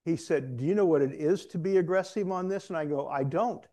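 A man's voice: fairly high pitch, fairly quick, mellow. A man, a preacher, giving a candid testimony to a room, storytelling with self-deprecating humor. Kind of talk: testimony sermon. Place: room with an audience.

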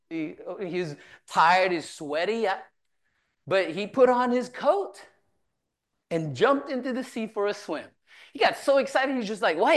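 A woman teaching from the Bible, reading verses aloud and retelling them in casual everyday talk. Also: mid-range voice. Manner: reads scripture then paraphrases it in casual voiced asides.

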